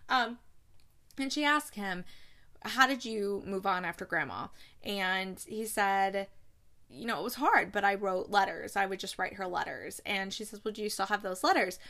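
A chatty woman recaps a movie in a casual, gushing way. She bounces between retelling scenes and playful little asides, with a voice of middling pitch for a woman. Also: moderate pace, sharp tone. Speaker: podcast host reviewing movies.

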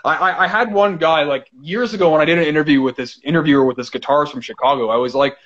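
A man's voice: on the high side, fast, fairly bright tone. A young man from Canada with a Southern Ontario accent, hosting a casual interview and rambling with lots of fillers and giggles. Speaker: interview host. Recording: dull lo-fi sound.

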